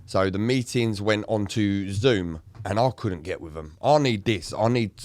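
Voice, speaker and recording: A man's voice: lowish voice, measured pace, a little mellow, no echo. A man, candidly telling a story about himself in a podcast chat, swearing and acting out what people said. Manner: emotional, swearing, acts out quoted lines. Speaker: podcast co-host in recovery.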